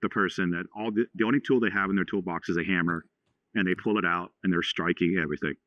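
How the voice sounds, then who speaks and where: Low voice guy in his 40s from texas, rambly storytelling, lots of "you know", dry dull-ish sound. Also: fairly even intonation, no room sound. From Houston, Texas. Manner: halting, many restarts and "you know" fillers. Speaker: podcast guest, franchise owner. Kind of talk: casual storytelling.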